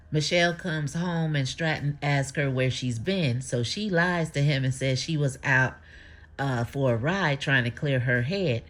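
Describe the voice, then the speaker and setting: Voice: mid-range voice, a little slow, a bit bright. A speaker casually recapping a TV episode, retelling scenes by quoting the characters, chuckling often and adding blunt opinions. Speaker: TV show recapper.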